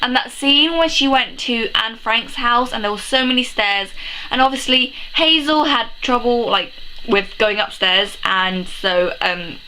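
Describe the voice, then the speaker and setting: A woman's voice: fairly high pitch, a little slow, bright, forceful tone, a little hiss or hum, poor audio. A young woman vlogging a film review, sniffly from crying, gushing and rambling with many exclamations and laughs. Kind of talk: casual emotional film review.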